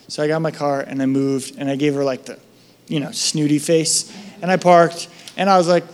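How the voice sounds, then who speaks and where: A man pastor preaching a sermon, telling stories with lively acted-out voices and dropping soft for reflective moments and prayer. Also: on the high side, fairly quick. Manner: animated storytelling, acting out voices in his anecdotes.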